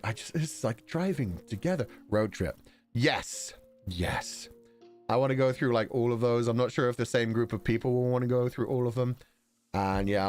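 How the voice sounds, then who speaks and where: A man with a Belfast accent streaming a casual chat, rambling and laughing often as he talks. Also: medium pitch. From Northern Ireland.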